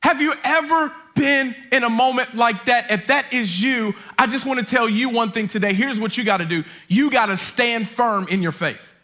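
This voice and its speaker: A man preaching a sermon as a campus pastor on a lapel mic, emphatic, repeating his points and building to shouts. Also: very high-pitched, moderate pace. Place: church auditorium.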